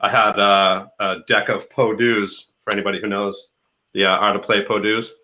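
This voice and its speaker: A man hosting a podcast, chatting casually, excitable and quick to laugh. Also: fairly low pitch. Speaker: podcast host. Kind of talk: casual chat.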